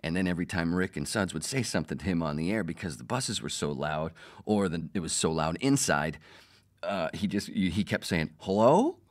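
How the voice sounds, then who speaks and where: A man's voice: deep voice, a little fast. A middle-aged man hosting a podcast, telling a profane story about his radio producer days in a casual monologue and acting out the quotes. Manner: profane, animated, acts out quotes.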